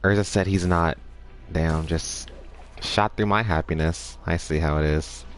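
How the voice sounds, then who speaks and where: A man streaming a game, chatting casually in an excitable, slangy way with some swearing. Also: low-pitched, unhurried. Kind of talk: casual gaming stream chat.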